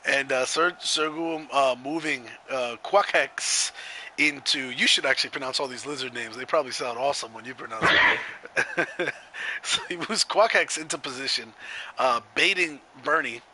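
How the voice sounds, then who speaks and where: A man's voice: mid-range voice, normal speed, pushed and bright, a little hiss or hum, rough recording. A man commentating a video game match in a chatty way, laughing easily.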